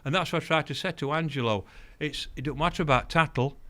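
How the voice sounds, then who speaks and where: An older man, a guest telling fishing stories in an animated way, acting out the voices of the people he quotes. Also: fairly high pitch, quick pace. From England. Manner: animated, acts out quoted voices, laughs often. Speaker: guest, angling champion. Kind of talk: anecdotal storytelling.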